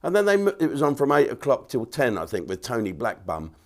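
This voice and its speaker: A man's voice: medium pitch, huge pitch swings, brisk. A man, delivering a blunt, crude comedic rant to camera. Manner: blunt, crude and jokey, with asides and restarts.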